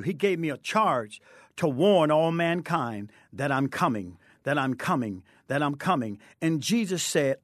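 High-voiced, fervent man preaching. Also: expressive, measured pace, no echo, clean studio sound. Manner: fervent, scripture-quoting preacher. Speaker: guest preacher. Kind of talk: preaching testimony.

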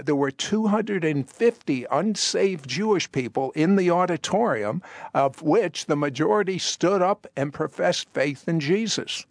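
An older man with a fairly high voice hosts a Christian talk show. He pitches with enthusiasm and tries to persuade. The studio sound is close and dry. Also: no echo.

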